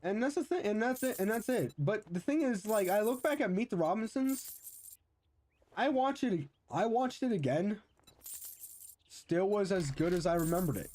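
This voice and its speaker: A young man with a fairly high voice chats while he plays a game on stream. He rambles in a nostalgic way and restarts his sentences often. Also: lively intonation, moderate pace, a little mellow. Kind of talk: casual chat while gaming.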